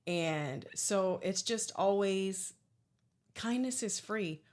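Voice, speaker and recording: A woman's voice: medium pitch, takes it slowly, darkish tone. A woman hosting a podcast, chatting earnestly and calling her guest "girl". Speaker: podcast host; salon owner. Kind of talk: casual chat.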